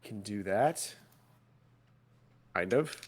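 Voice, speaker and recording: A man's voice: fairly low pitch, animated, very slow, darkish tone. A man playing a tabletop role-playing game, chatting casually with dry, sarcastic banter.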